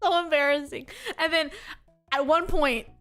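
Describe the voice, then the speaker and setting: A young American woman streamer chatting casually, telling animated travel stories with frequent giggles. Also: high voice, normal speed, soft background music. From United States. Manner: giggly, animated storytelling with quoted voices. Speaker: VTuber streamer. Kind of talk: casual chat.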